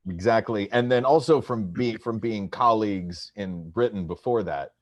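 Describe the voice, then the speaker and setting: A man co-hosting a podcast in casual chat, wry and playful with a deliberate way of talking. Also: on the low side, no echo. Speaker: podcast co-host.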